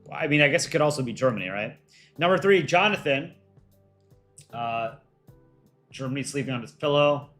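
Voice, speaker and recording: A man's voice: medium pitch, animated, normal speed, long pauses, fairly bright tone, soft background music. A man hosting a casual livestream, reading out fan art entries and reacting with light jokes.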